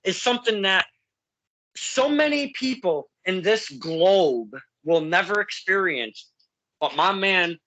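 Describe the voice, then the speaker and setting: A man's voice: high voice, lively intonation, takes it slowly, sharp tone, highs cut off. A man hosting a casual interview, effusive and heartfelt, rambling with many restarts. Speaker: podcast host.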